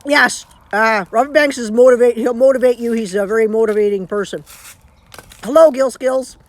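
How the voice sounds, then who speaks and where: A woman's voice: fairly high pitch, moderate pace, no room sound. Chatty Canadian woman live-streaming by phone. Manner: rambling, chatty, with frequent restarts. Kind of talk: casual live-stream chat.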